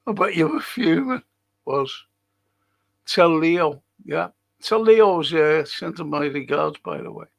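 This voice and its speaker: Angry and combative, a man running a fan live stream swears heavily while fighting with the comments he reads aloud. His gravelly voice is on the high side, moving slowly with big swings in pitch.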